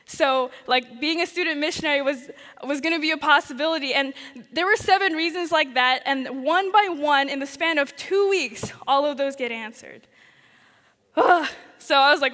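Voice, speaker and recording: A young woman tells her own story at a chapel service, animated and laughing often as she acts out her past thoughts. Her voice sits high and sounds bright. The sound rings with the long reverb of a big hall. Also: normal speed. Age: young adult. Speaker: student chapel speaker. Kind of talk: personal testimony talk. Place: large chapel.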